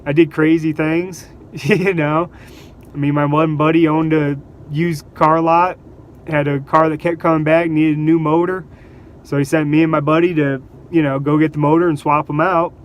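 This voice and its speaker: A man vlogging, telling casual stories in an animated way, laughing between anecdotes and acting out what people said. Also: a little high, normal speed, slight background noise. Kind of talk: casual storytelling.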